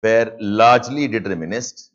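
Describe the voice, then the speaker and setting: A man with an Indian English accent teaching a live online class, dictating points and repeating them slowly, with Hindi asides mixed in. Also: fairly low pitch, lo-fi sound. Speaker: lecturer.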